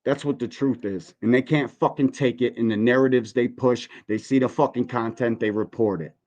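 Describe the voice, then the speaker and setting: A man's voice: medium pitch, fairly even intonation, moderate pace, darkish tone. A man in the middle of his range rants heatedly into the mic as a boxing podcast host. His talk is casual and loaded with swearing, and it shifts between jokes and angry complaints. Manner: profane, heated ranting. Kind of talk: casual live-stream commentary.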